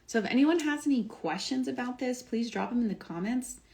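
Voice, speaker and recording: On a livestream, a young adult woman who works as a doctor and wellness coach gives a casual motivational talk, upbeat and emphatic with frequent "like" and "um." Her voice is fairly high, animated, a little fast, gravelly, and darkish in tone.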